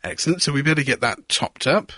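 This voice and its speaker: A man's voice: a little high, fast talker, pushed and bright, husky, no echo. Man, science show presenter, curious questioning, dry close sound. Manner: curious, asks leading questions, narrates each step. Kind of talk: hands-on science demonstration chat.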